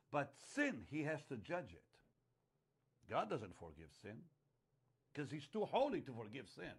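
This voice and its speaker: A man preaching a sermon, emphatic and repetitive, dropping to a hush and then rising loud on key phrases. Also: mid-range voice, big pitch swings, a little slow, pauses often, husky. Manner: emphatic, repeats phrases, swings from hushed to loud.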